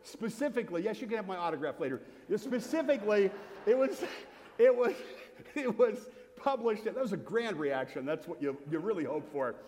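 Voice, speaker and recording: A man's voice: sits high, animated, normal speed, darkish tone, slight background noise. A middle-aged man preaching a sermon, telling humorous stories and acting out the voices of the people in them. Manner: humorous storytelling, acts out quoted voices. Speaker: pastor. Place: church sanctuary. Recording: long hall reverb from the church.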